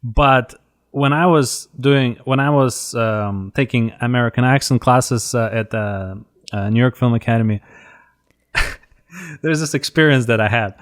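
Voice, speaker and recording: A man's voice: mid-range voice, fairly bright tone. Hesitant man hosting an interview. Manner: hesitant, restarts with fillers. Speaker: podcast host. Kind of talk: casual interview conversation.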